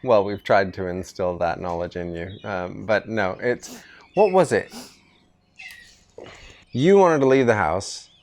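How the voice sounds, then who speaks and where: A middle-aged man with a lowish voice tells stories in a relaxed, rambling way, often stopping and restarting his sentences. He is hosting a casual chat out on a veranda. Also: measured pace, long pauses. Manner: rambling, easygoing storytelling with restarts. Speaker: podcast host. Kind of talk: casual father-son chat. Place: outdoor veranda.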